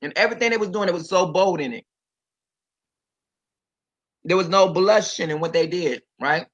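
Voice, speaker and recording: A man's voice: high voice, moderate pace, a bit bright, dull audio. A man preaching casually on a livestream, talking straight to his viewers, reading scripture aloud and commenting on it, with emphatic repetition.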